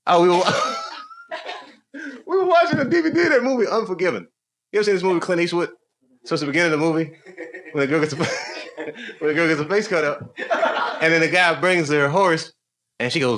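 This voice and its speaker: A man's voice: on the high side, brisk, long pauses, fairly bright tone. A man, a stand-up comedian, chatting casually and laughing with fans after a show. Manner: laughing, loose and joking. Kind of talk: casual banter with audience.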